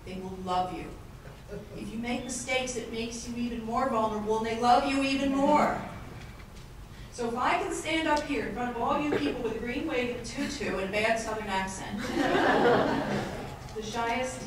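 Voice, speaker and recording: A woman's voice: fairly high pitch, moderate pace, background noise. A woman giving an earnest, encouraging talk on stage at a conference, poking fun at herself. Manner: earnest, encouraging, self-mocking. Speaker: panel speaker, trainer. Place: conference hall. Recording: echoey hall, mic from far off.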